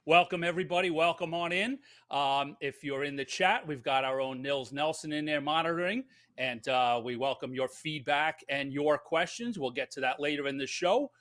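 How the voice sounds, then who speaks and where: A man's voice: on the high side, moderate pace, few pauses, fairly bright tone. A man hosting a casual podcast, upbeat and chatty with plenty of fillers. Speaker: podcast host.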